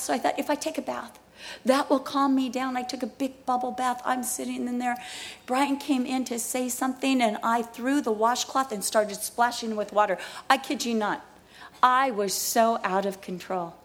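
A woman's voice: fairly high pitch, steady tone, moderate pace. A pastor's wife giving a dramatic personal testimony in a sermon, acting out scenes as she tells them.

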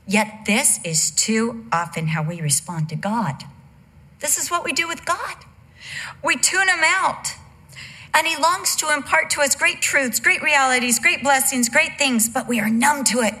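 An older woman preacher with a bright, slightly high voice, preaching a sermon full of family stories. She is animated and expressive, acts out the voices of the people in her stories, and uses dramatic pauses. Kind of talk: sermon with storytelling.

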